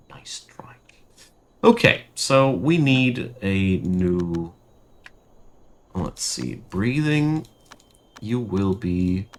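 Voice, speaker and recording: A man's voice: deep voice, creaky, a little hiss or hum. A young man commentating his strategy game and ranting in frustration over bad luck. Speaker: gaming channel host. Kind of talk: gameplay commentary.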